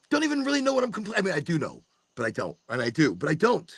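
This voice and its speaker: Gravelly, animated man musing aloud. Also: a little high, fast, no room sound. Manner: animated, swears, acts out his own inner talk. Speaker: podcast host. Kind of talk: casual monologue.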